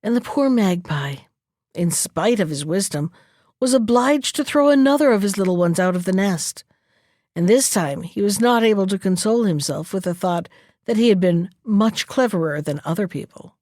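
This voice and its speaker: A woman storyteller reads a folktale aloud in a clear, expressive way. Her voice sits at an everyday middle pitch. The sound is dry and close, with no room. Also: normal speed, no room sound. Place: library.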